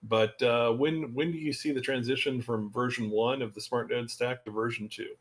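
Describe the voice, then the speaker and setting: A man hosts a casual online community call. He talks in an easygoing, halting way, with plenty of "uh" and "um" between thoughts. His voice sits at a middle pitch. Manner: relaxed, halting with frequent fillers. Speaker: host.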